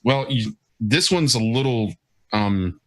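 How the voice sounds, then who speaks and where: A man doing a drunk, gruff guard. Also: mid-range voice, animated, no echo. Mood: rambling. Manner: slurred, rambling, halting.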